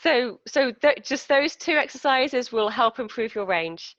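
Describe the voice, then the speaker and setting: A woman's voice: on the high side, lively intonation, unhurried, fairly bright tone, dry recording, lo-fi sound. A woman hosting a live question-and-answer interview, reading out viewers' questions with friendly fillers over a video call.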